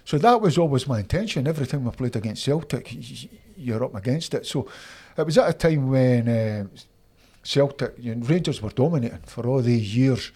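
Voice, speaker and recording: Casting: Scottish man, fifties, animated storyteller, middle pitch. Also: fairly quick, slightly rough. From Scotland. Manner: animated anecdotes, acts out quoted voices. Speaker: interview guest, former footballer. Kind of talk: storytelling in casual interview.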